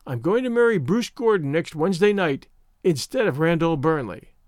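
A man reading aloud, voicing a proud, quick-tempered young woman who talks in an imperious, scornful way. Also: a little high, lively intonation, a little mellow, no echo, clean studio sound, natural voice.

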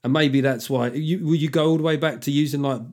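A man's voice: on the high side, steady tone, a little fast, a little mellow. A man hosts a casual podcast. He rambles, swears freely and pokes fun at himself as he goes. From South London, England. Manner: rambling, sweary, self-deprecating. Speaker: podcast host.

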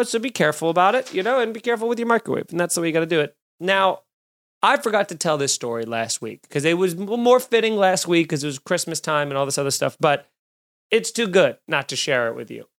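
A male comedian and podcast host telling a story in a casual monologue, animated and swearing, acting out the people he quotes. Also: a little high.

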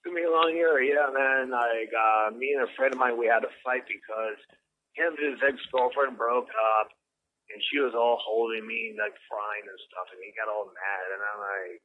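A man's voice: medium pitch, normal speed. A man from the American South co-hosting a casual podcast, telling profane, rambling street stories. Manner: profane, rambling, animated storyteller. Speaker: podcast co-host. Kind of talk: casual storytelling chat. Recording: dull lo-fi podcast audio with faint noise.

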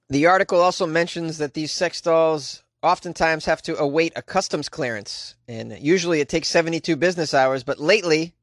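A man with a slightly high voice reads odd news stories as a comedian host, breaking off for wry jokes of his own. The sound is close and dry, with no room around it. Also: fairly quick, hardly any pauses, a bit bright, no echo. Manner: wry, jokey asides. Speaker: podcast host.

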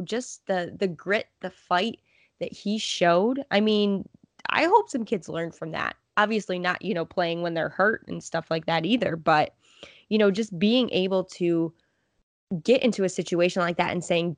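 A woman with a fairly low voice, chatting casually as a sports podcast co-host. She sounds earnest and upbeat, recorded close and dry. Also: moderate pace, dry recording.

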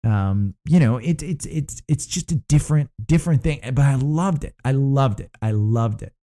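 Rambling male stock-show host, mellow voice. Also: medium pitch, normal speed. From United States. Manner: rambling, frequent fillers and restarts. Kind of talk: casual market commentary.

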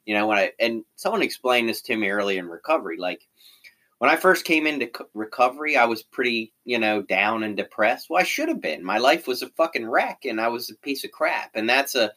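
A man's voice: medium pitch, big pitch swings, fairly quick, bright, forceful tone. A middle-aged man talking candidly in casual conversation, with lots of fillers and restarts. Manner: candid, frequent fillers and self-corrections.

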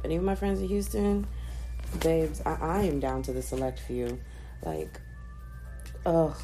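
A woman's voice: low voice, vocal fry, low-quality recording. A young woman vlogging casually, chatty and slangy, venting in a dramatic, exasperated way. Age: young adult. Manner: dramatic, swings into loud exasperated ranting. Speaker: vlogger and podcaster. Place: indoors, not on a mic.

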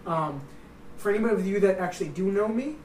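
A man's voice: high voice, fast, darkish tone, slight background noise. A young man co-hosting a casual podcast, full of profane, self-mocking jokes and banter. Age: young adult. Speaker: podcast co-host. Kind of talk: casual chat. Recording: roomy echo, distant mic.

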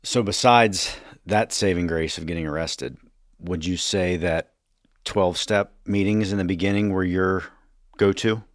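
A man asking an interview question in a slow, measured way. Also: sits low, dry recording, clean studio sound.

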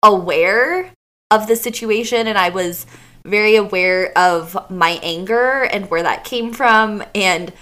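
Female podcast co-host, bright tone, animated and chatty, laughing through her stories. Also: medium pitch, slow. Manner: animated storytelling, lots of fillers and laughs. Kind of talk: casual chat.

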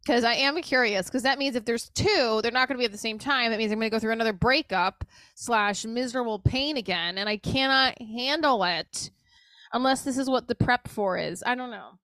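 A woman's voice: on the high side, a little fast, fairly bright tone, no room sound, clean studio sound. A woman talking candidly and emotionally in a rambling personal monologue, swearing casually as she goes. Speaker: show creator talking to camera.

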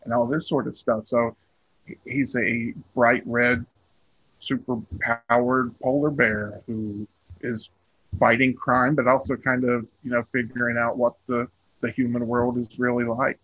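A man's voice: medium pitch, little pitch movement, unhurried, fairly bright tone, dry recording, highs cut off. A man, a comic book artist being interviewed, talking casually and rambling with many ums and restarts.

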